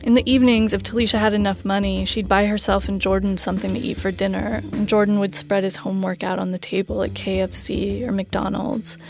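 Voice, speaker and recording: Gravelly-voiced woman reporter narrating. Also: mid-range voice, level tone, a little mellow, soft background music. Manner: measured, plain storytelling. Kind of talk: scripted documentary narration.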